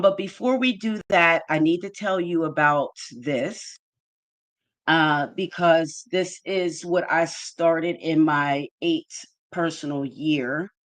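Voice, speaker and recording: A woman hosting a casual livestream, thanking her chat viewers one by one in an effusive way. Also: low voice. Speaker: livestream host.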